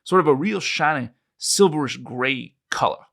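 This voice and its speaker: A man playing a rural eyewitness who speaks in a put-on New Mexico drawl. He describes what he saw in a plain, halting way, with a bright, forceful tone. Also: mid-range voice, expressive, creaky. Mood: matter-of-fact. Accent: put-on New Mexico accent. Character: rural American man recounting a crash witness account. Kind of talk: read-out interview transcript.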